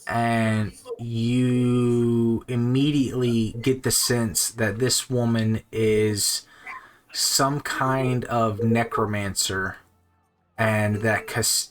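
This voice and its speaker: Slow-spoken man narrating a tabletop game. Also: fairly low pitch. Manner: slow, descriptive narration with pauses. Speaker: game master. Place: home streaming setup.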